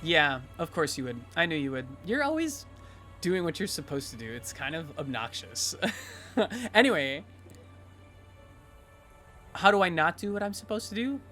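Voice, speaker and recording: A man's voice: fairly high pitch, very animated, moderate pace, pauses often, sharp tone, faint music behind. A man voicing a chatty, teasing teenage schoolgirl who rambles and gossips, full of "like".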